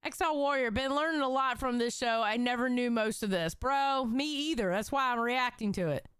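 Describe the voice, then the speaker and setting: A blunt woman reacting with plenty of swearing, her voice high and bright. The sound is dry and close. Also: moderate pace, smooth, no echo. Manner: blunt, profane, laughing. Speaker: co-host. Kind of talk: casual reaction commentary.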